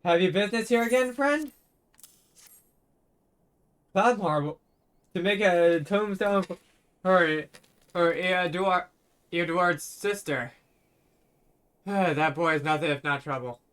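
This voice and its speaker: A man reading out a weary adult church brother in a fantasy game, formal and measured. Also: sits high, a bit bright, clean tone.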